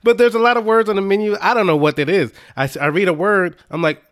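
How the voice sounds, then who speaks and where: A man's voice: sits high, steady tone, quick pace, a bit bright. A young man co-hosting a podcast in casual chat, laughing often and poking fun at himself. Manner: laughs often, self-deprecating, spells out words. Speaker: podcast co-host.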